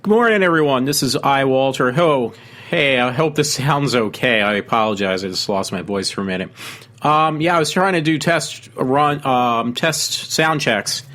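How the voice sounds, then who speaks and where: Man, show host, casual commentary, halting, lots of fillers and restarts, middle pitch. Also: fairly bright tone.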